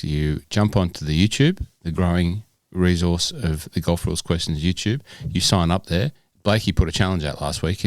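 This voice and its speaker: A man's voice: low voice, dry recording. A middle-aged Australian man co-hosting a podcast, chatting casually and rambling with many fillers. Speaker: podcast co-host. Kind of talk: casual chat.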